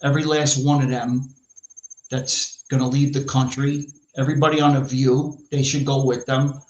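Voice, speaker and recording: A man's voice: medium pitch, little pitch movement, moderate pace. A man with a New York accent ranting brashly and profanely as a podcast host in casual chat. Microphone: live stream mic. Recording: echoey lo-fi room sound.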